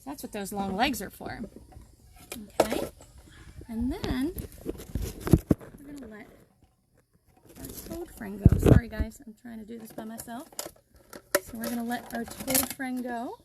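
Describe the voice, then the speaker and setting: A wildlife educator with a fairly high voice talks a little slowly, with vocal fry and frequent pauses, over very noisy surroundings. She's giving kids a cheerful live-streamed nature lesson outdoors by a pond, explaining things directly to them.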